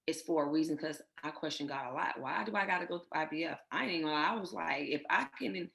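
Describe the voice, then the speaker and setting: A woman with a low voice tells her own story in an interview. She is heartfelt and emotional, speaks of faith, and often acts out what others told her. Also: fast, vocal fry, a bit bright. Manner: emotional, faith-filled, retells others' words. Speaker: guest sharing her infertility story.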